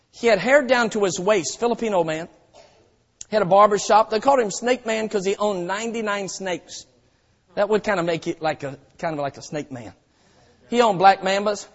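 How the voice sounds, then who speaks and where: High-voiced preacher in an echoing hall. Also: male voice. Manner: storytelling preacher, swinging from quiet asides to shouting. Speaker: pastor. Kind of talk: sermon. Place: church auditorium. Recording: dull sound with long hall reverb.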